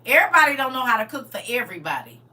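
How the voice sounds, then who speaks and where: Talking very fast in a voice on the high side, the middle-aged host chats casually with her live audience. She keeps it blunt and animated, calling viewers "y'all" and "baby."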